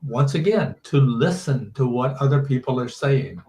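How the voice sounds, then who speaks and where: An older man, a teacher, giving measured interview answers and often restarting his sentences. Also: medium pitch, expressive, mellow, roomy sound. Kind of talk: slow thoughtful interview answers.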